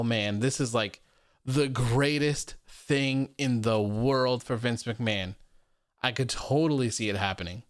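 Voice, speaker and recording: A man's voice: mid-range voice, no echo, studio quality. A young man hosting a live wrestling post-show, chatting casually, reading viewer comments aloud and laughing often.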